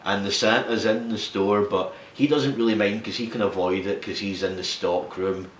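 A man in casual chat, retelling a film's plot in an animated way and acting out characters' lines. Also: on the low side, moderate pace, roomy sound, far from the mic, a little hiss or hum, poor audio.

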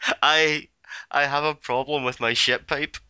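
A man's voice: fairly high pitch, steady tone, moderate pace, sharp tone, clear, resonant tone, dry recording. A man chatting casually, telling rambling stories with frequent giggles and swearing. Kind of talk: casual chat.

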